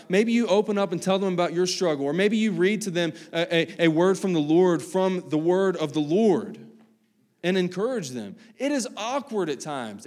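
A man who is a student pastor, preaching a sermon in a church in a conversational way, with many fillers and asides. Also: fairly high pitch. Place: church sanctuary.

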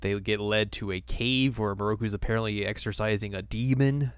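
A man's voice: fairly low pitch, steady tone, fairly quick, clean tone, no room sound, clean studio sound. A man co-hosting a podcast, recapping an episode in a chatty way and acting out the quotes. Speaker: podcast co-host.

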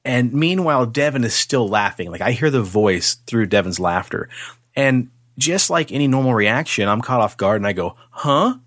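A man on a podcast, telling a ghost story in loose, casual talk with plenty of swearing. His voice sits in an ordinary middle pitch, and he acts out the voices as he goes. The recording is close and dry, with no room sound. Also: lively intonation, normal speed, a bit bright, dry recording.

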